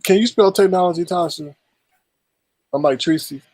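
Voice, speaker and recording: A man's voice: high-pitched, normal speed, a little mellow. A man on a casual chat show who complains and needles the host in a bantering way.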